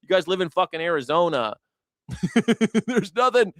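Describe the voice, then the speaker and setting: A man's voice: sits high, expressive, measured pace, fairly bright tone, no echo, clean studio sound. Rambling, profane man hosting a show. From United States. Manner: profane, rambling, laughs often. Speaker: host. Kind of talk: casual rambling commentary.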